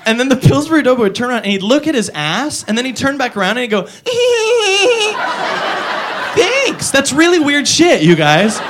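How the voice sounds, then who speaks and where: A man's voice: very high voice, animated, quick pace, few pauses, a bit bright, a little hiss or hum. A man doing a stand-up comedy set, telling crude stories with mocking quotes. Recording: live club, crowd laughter. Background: audience laughing.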